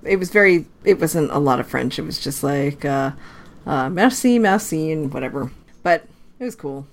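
Brief: female co-host, slightly low voice, chatty and quick with asides. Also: vocal fry. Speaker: podcast co-host. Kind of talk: casual hockey chat.

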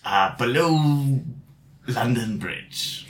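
A man's voice: mid-range voice, animated, drawn-out words. A man improvising comedy as a restaurateur, rambling and playful, often breaking into laughter. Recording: echoey room with background noise.

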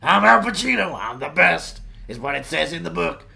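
A man doing a boastful, mock-macho impression of a famous actor in an improvised comedy sketch, with a gravelly voice and shouty bursts. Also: fairly high pitch, big pitch swings, moderate pace, exaggerated voice.

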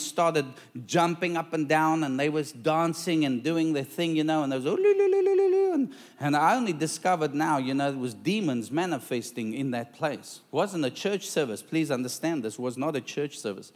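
A male preacher telling a story in a sermon, dramatic and lively, calling out to the congregation for responses. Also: fairly high pitch.

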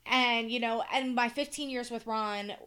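Bright high-voiced woman, candid and emotional. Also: steady tone, normal speed. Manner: candid, emotional, swears freely. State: tearful. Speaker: podcast co-host. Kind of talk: casual chat.

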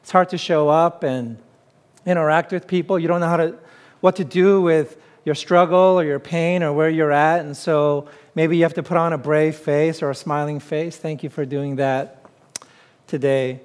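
A man preaching a sermon to his congregation in a relaxed, conversational way, often pausing on "uh", with playful asides that draw laughs. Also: fairly high pitch, clear, resonant tone. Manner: conversational preaching with frequent "uh" fillers. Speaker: pastor.

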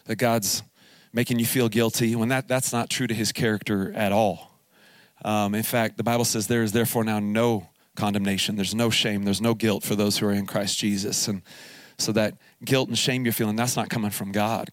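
A man's voice: medium pitch, no echo. A pastor in his forties preaching at a youth camp, telling a family story with acted-out dialogue and humor. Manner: animated storytelling, acting out dialogue. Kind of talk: live sermon at a youth camp. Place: camp meeting hall.

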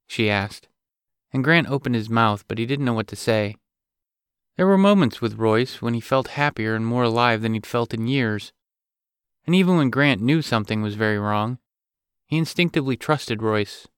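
A man narrating an audiobook in an even, matter-of-fact way. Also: fairly low pitch, moderate pace, smooth, no room sound, studio quality. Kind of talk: scripted narration.

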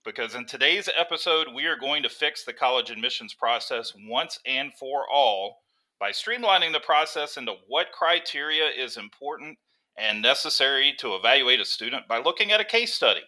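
A man's voice: mid-range voice, lively intonation, moderate pace, sharp tone. A man co-hosting a podcast as a school counselor, upbeat and teasing in casual banter. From United States.

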